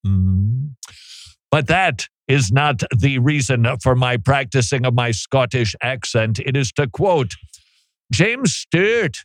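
A man's voice: mid-range voice, slow pace, no room sound, studio quality. A man hosting a talk radio show, chatting casually with joking, self-deprecating asides.

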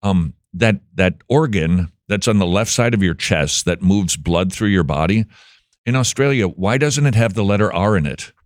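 A man hosts a radio talk show, trading playful jokes with his guest. His voice sits fairly low, and the sound is dry and close. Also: expressive, normal speed, no room sound. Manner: joking, teasing banter. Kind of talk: casual interview chat.

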